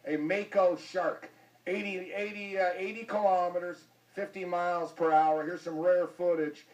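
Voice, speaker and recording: A man's voice: sits high, fairly even intonation, moderate pace, a little mellow, recorded from a distance, low-quality recording. A man hosting a sports talk show, joking and teasing his guest, often repeating himself. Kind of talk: casual sports chat.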